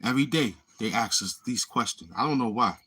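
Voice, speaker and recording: A man's voice: mid-range voice, lively intonation, brisk, sharp tone, slightly rough. A man hosting a casual livestream, rambling along and murmuring mm-hmm between his thoughts. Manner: rambling, with many murmured mm-hmms. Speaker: livestream host.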